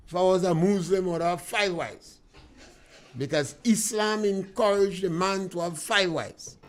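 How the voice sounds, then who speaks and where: A middle-aged Grenadian man hosting a radio talk show, delivering an emphatic, preachy monologue with swings of loudness. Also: sits high.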